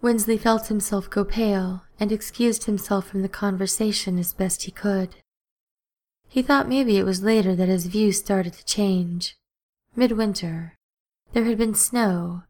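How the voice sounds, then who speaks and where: A woman narrating an audiobook in a steady, even storytelling manner. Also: mid-range voice, unhurried.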